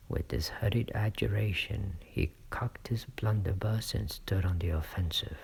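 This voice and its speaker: A man reading a classic novel aloud as a narrator, in a hushed storytelling manner. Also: lowish voice, a little slow, creaky, few pauses, husky. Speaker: audiobook reader. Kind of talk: scripted narration.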